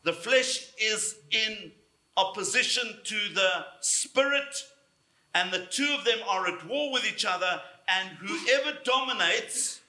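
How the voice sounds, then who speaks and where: Bright-voiced man preaching in an echoey room. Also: sits high. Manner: emphatic, slows down for stress. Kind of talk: sermon.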